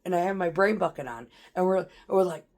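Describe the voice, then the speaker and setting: A woman with a fairly low, darkish voice talks briskly, casually recounting her military tours. She's blunt and profane, laughing her way through the tense memories.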